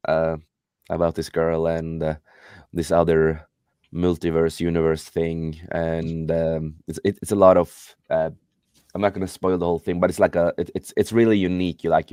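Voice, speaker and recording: Deep smooth-voiced young man rambling. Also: warm tone, dry recording, clean studio sound. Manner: rambling, heavy fillers, casual swearing. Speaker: livestream co-host. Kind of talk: casual chat.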